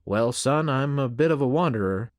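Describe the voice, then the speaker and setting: A man's voice: mid-range voice, lively intonation, moderate pace, no room sound, natural voice. A man playing a polite, plain-spoken wandering cowboy, close to his own voice. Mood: easygoing.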